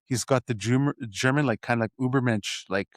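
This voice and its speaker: A man's voice: mid-range voice, fairly quick, no echo, clean studio sound. A man from Edmonton hosting an interview, talking in an enthusiastic, rambling way with many restarts. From Edmonton, Canada. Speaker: podcast host. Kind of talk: casual interview.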